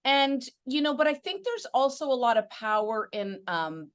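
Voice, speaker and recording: A woman hosting a podcast conversation with a guest. She talks in a gushing, encouraging way, full of affection, in a fairly high voice. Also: sing-song, normal speed, clear, resonant tone. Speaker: podcast host. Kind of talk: supportive interview chat.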